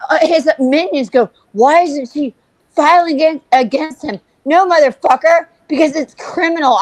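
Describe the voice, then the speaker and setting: A woman's voice: high-pitched, no room sound, poor audio. A woman co-hosting a livestream, ranting furiously and swearing constantly. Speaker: co-host. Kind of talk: livestream commentary.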